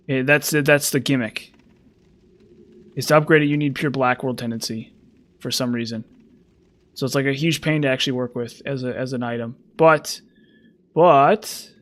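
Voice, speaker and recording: A man's voice: mid-range voice, fairly bright tone. A young man giving casual gameplay commentary, rambling and correcting himself as he thinks aloud. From United States. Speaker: gaming commentator.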